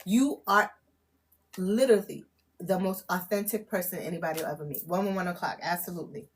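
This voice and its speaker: A woman giving a live-streamed spiritual reading, excitable and casual, swearing, laughing at herself and often checking in with "okay?". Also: on the low side, fairly quick. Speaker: spiritual tarot reader. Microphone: phone or camera mic on a live stream.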